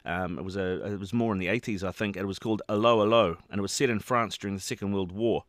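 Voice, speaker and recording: A male radio host asks questions in a friendly, chatty manner, talking quickly. His voice is a little low. The sound is dry and close, with no room echo. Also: steady tone. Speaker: radio show host, interviewer. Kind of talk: casual interview.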